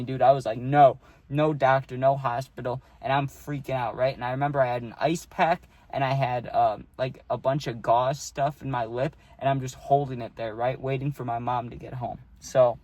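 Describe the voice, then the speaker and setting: A man's voice: medium pitch, darkish tone, no room sound. Young man, rambling storyteller, dry close sound, keeps saying "right?". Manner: rambling, peppers lines with "right?" and "dude". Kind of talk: casual storytime.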